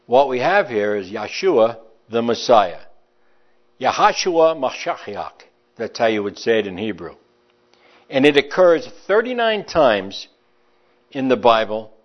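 A man preaching an emphatic sermon, reading scripture aloud and explaining it verse by verse. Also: mid-range voice. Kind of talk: Bible teaching sermon. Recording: slightly dull lo-fi recording.

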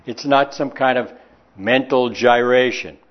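A man preaching a sermon in a folksy, conversational way, slowing down to stress key words. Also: mid-range voice. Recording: dull lo-fi recording.

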